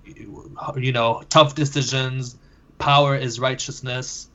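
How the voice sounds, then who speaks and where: A man's voice: mid-range voice, level tone, takes it slowly, sharp tone, dull audio. A man who is a podcast guest, chatting casually and joking, with lots of fillers and restarts.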